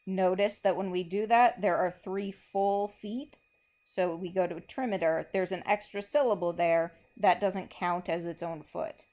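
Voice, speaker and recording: A woman teacher talks through a lesson in an unhurried, measured way, with a somewhat low voice. She explains each point methodically and step by step, pausing to mark things on a board as she goes. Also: fairly even intonation, a little mellow. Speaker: English teacher. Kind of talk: recorded classroom lesson.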